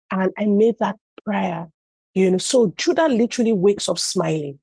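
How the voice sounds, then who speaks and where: A woman's voice: medium pitch, normal speed, darkish tone, husky, dry recording, rough recording. A woman pastor preaching conversationally and telling stories, with frequent "you know" asides.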